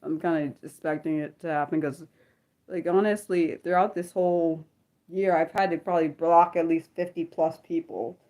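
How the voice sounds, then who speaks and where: A woman's voice: low voice, mellow, highs cut off. A woman hosting an unscripted livestream, reading viewer chat and answering aloud in a rambling, restarting way, often asking her audience questions. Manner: rambling, thinks aloud, many restarts and fillers; talks directly to viewers and asks them questions.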